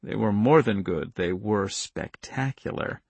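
A man reading a novel aloud in steady scripted narration, in a dry studio recording. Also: on the low side, a little slow, gravelly, breathy edge, no room sound. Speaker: audiobook narrator.

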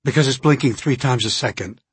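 A man with a husky voice voicing a brisk male doctor who gives quick, clipped orders in a storybook reading. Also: medium pitch, no room sound, voice pushed up. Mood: urgent.

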